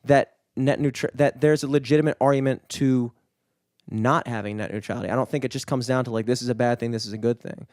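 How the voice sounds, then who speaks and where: A man's voice: mid-range voice, steady tone, fast, a little mellow, no echo, clean studio sound. A man co-hosting a podcast in casual chat, rambling and swearing, with lots of filler words. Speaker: podcast co-host. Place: studio.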